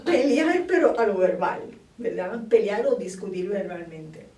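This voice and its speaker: A woman's voice: medium pitch, expressive, moderate pace, a little mellow. A woman teaching an English conversation class who explains phrases patiently, models intonation and laughs often. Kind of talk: conversation class, switching between English and Spanish. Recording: roomy classroom recorded from a distance with faint noise.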